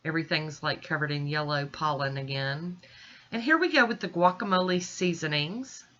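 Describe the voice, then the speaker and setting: A woman's voice: low-pitched, moderate pace, sharp tone, muffled recording. A woman with stuffy, congested sinuses, chatting reassuringly to viewers as she walks through a nail art tutorial at home. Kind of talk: casual step-by-step tutorial narration.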